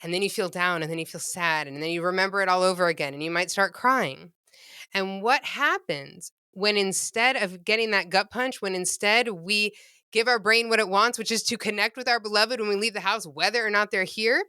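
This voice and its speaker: A woman pet loss grief counselor, speaking gently and earnestly in a podcast interview. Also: mid-range voice, moderate pace, clean tone, no room sound, studio quality.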